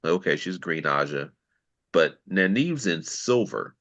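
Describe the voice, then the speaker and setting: A man co-hosting a podcast, chatting casually about a TV episode and asking questions as he thinks out loud. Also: sits low, animated, a little slow, dull audio. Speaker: podcast co-host. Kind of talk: casual show discussion.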